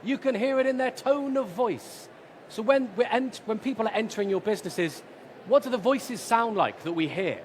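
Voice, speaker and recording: Guy presenting at a conference, high-ish voice, bit of room hiss. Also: moderate pace. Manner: energetic, chatty, jokey asides. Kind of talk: conference talk.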